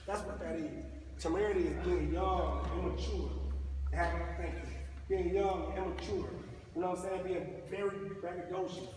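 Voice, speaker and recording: A man's voice: high-pitched, fairly even intonation, moderate pace, darkish tone, a little hiss or hum. A middle-aged man giving a preachy, colloquial anti-bullying talk to schoolboys, drawing call-and-response. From Mississippi, US. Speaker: motivational speaker. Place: school gym or hall. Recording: echoey hall from far off.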